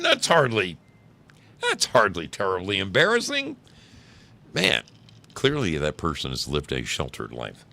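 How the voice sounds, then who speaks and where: A man's voice: low voice, huge pitch swings, measured pace, vocal fry, pauses often, bright, forceful tone. A man hosting a show from home, reading embarrassing stories aloud with wry, amused asides. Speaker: podcast host.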